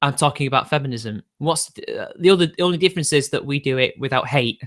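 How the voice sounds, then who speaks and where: A man live-streaming and answering his chat in a rambling way, quickly getting riled and swearing. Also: medium pitch, fairly bright tone.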